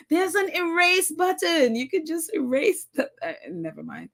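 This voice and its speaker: High-voiced woman chatting and giggling through viewer comments, pitch jumping all over. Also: measured pace, creaky. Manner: animated, laughs often, reads comments aloud. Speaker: commentary channel host.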